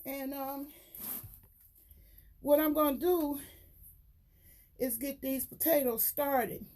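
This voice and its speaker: A woman's voice: high-pitched, slow pace, a little mellow. A woman filming a casual gardening vlog in her house, chatting to viewers and sometimes out of breath. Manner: chatty, talks to viewers as y'all. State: out of breath at times. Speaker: gardening vlogger. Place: house and grow room, indoors. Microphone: handheld camera, then set down.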